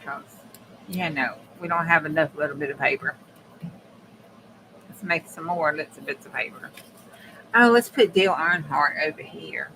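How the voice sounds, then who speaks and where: In her home craft room, air conditioner running, a woman hosts a laid-back crafting livestream, chatting with viewers and laughing frequently. Her voice is deep and moderately paced with long pauses, captured on a desk mic with a faint fan hum.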